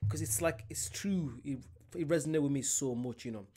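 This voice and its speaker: A man's voice: on the high side, normal speed, a little mellow. A man hosting a reaction video, speaking earnestly and from the heart. His talk is loose and casual, with the restarts of unscripted commentary.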